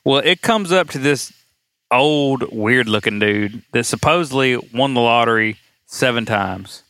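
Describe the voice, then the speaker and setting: A man co-hosting a podcast, chatting casually with quick joking interjections. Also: medium pitch, bright, forceful tone, clean tone, dry recording. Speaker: podcast co-host. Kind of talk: casual chat.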